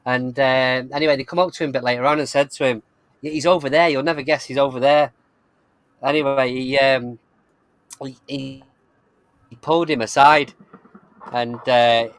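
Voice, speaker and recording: A man's voice: mid-range voice, steady tone, brisk, no room sound. A man co-hosting a casual chat, winding through a long anecdote with restarts. His voice sits mid-range and sounds dry, close to the mic. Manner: rambling anecdote teller. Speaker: podcast co-host.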